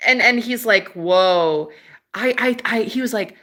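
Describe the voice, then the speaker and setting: A young woman vlogger tells a story in casual chat, speaking fairly high and a little slowly. She's chatty and excitable, swearing freely and bursting into laughter.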